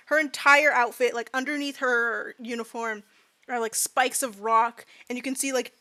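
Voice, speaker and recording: Young woman gm rambling fast, high bright voice, dry home mic. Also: no echo. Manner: fast, filler-heavy narration with laughs. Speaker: game master. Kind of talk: narrating a tabletop game.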